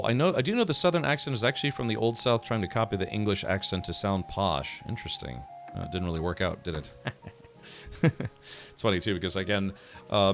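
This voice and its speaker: A man with a fairly low, slightly bright voice chats casually while streaming a game, musing out loud and using lots of filler words. Faint game music plays in the background.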